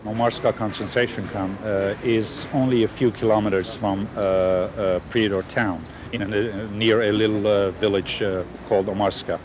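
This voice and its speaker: A man speaking hesitantly in an interview, pausing often with fillers. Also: on the low side, fairly even intonation, background noise.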